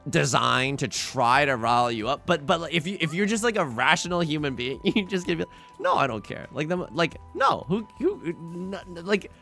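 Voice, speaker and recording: A man with a gravelly, creaky voice talks through his game in an offhand, rambling way. His pitch swoops widely as he chats, stumbles and restarts. Soft game music sits faintly underneath. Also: expressive, normal speed. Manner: rambling, chatty, with frequent restarts and laughs. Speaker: Let's Play host. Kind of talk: casual gameplay commentary.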